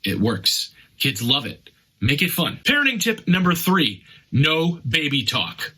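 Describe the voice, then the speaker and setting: A man's voice: a little high, big pitch swings, a little slow, pushed and bright, slightly rough, low-quality recording. A middle-aged man hosting a podcast, giving casual, chatty parenting advice in an upbeat way. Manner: upbeat, chatty, acts out scenes with whispers and cries. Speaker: podcast host.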